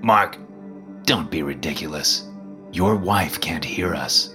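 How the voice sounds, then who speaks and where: A man voicing Lucifer, a smug and mocking male devil who speaks calmly and knowingly in a horror story reading. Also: low voice, takes it slowly, faint music behind, exaggerated voice.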